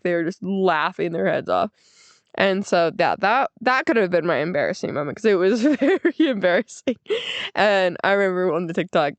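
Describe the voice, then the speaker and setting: A young woman with an American accent hosting a podcast, casually telling a story, laughing often and doing the other people's lines in a higher voice. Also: no echo. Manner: giggly, acts out quotes in a higher voice. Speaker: podcast host.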